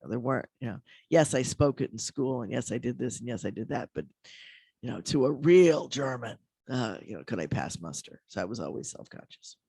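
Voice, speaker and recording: A man's voice: medium pitch, animated, fairly quick, vocal fry, mellow, breathy edge, no room sound. This is a rabbi on a call-in radio show, a man with a mid-range voice. He chats casually, laughs easily and often starts a sentence over. The microphone sound is close and dry. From American Midwest.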